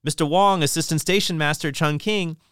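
A man voicing a comic male station master answering a phone in slow, broken speech. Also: fairly high pitch, fairly bright tone, clean tone, no room sound, studio quality, pitched above the performer's own voice, close to an everyday voice. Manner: slow, broken, mock-accented phone talk.

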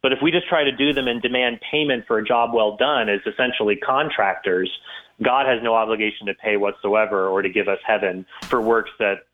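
A man's voice: on the low side, fairly even intonation, a little fast. A man talks through listener questions on a live call-in show in an earnest, explanatory way, often restarting his sentences. His voice comes over a thin, phone-like line. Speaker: guest apologist. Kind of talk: casual radio call-in answers.

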